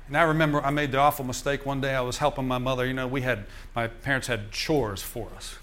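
An older man preaching in a church, telling a personal story to the congregation in lively storytelling fashion with chuckles. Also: medium pitch, fast talker, slight background noise. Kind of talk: sermon testimony.

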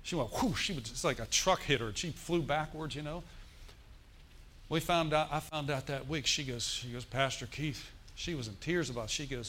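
A man's voice: fairly high pitch, moderate pace, a little hiss or hum. Storytelling male pastor preaching a sermon. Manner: storytelling preacher, emphatic with bursts of loud exclamation. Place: church.

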